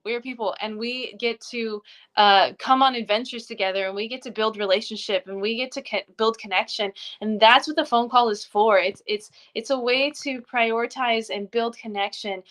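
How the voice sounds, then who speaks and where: A woman's voice: fairly high pitch, steady tone, moderate pace, fairly bright tone. A woman in her thirties giving an earnest, encouraging coaching talk on a livestream.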